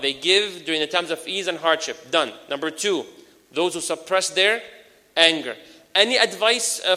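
A man preaching a lively sermon to an audience, mixing in Arabic phrases and addressing the crowd directly. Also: sits high. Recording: long hall reverb.

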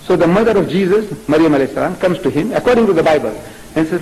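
A man giving a religious lecture as an Islamic preacher, firing off rhetorical questions in an animated way. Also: on the high side, rapid-fire, low-quality recording.

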